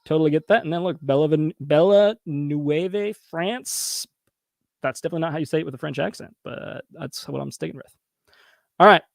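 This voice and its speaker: A man in his thirties hosting a casual review show, chatty and quick to laugh, talking straight to his viewers. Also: a little high, steady tone, gravelly, fairly bright tone, dry recording, studio quality. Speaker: host reviewing crowdfunding pages. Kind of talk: casual commentary.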